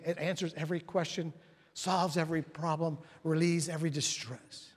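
Man preaching, husky voice, drops to a whisper then booms, long hall echo. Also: fairly even intonation, moderate pace. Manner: swings from hushed whispers to loud emphatic lines; storytelling, acts out quoted voices. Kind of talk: sermon. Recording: long reverb of a large hall.

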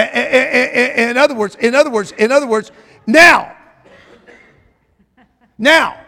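A male preacher with a strikingly high voice delivers a sermon, circling back on his own phrases and calling out to the congregation. His words ring out with a long echo through a large church hall, and he builds to shouting at the peaks. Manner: repeats phrases and calls out to the congregation; rises to shouting at climaxes. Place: church sanctuary.

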